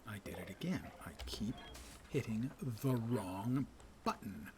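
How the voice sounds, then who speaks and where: A man's voice: fairly low pitch, expressive, measured pace, noisy background. A man streaming a game live, talking wryly to himself and reading quest text aloud. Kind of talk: casual live gameplay commentary.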